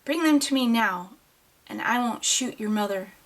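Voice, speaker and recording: A woman's voice: a little high, animated, moderate pace. A woman voicing a nervous, shaking adult male mugger in an audiobook reading, giving curt, threatening commands.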